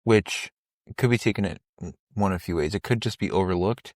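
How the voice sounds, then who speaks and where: Man, very deep voice, podcast co-host, casual bible talk, agreeable, dry studio sound. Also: brisk, no echo. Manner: agreeable, many short affirmations.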